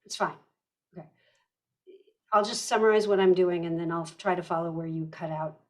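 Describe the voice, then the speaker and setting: A woman law professor presenting a legal rights seminar over a video call, brisk and informative, correcting herself as she goes. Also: lowish voice, a little mellow.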